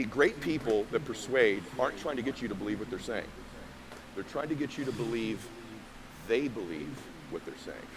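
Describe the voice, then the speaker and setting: High, gravelly man preaching from a stage. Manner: emphatic, preachy, punchy rhetorical questions. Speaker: motivational speaker. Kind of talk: stage keynote speech. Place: stage before a large live audience.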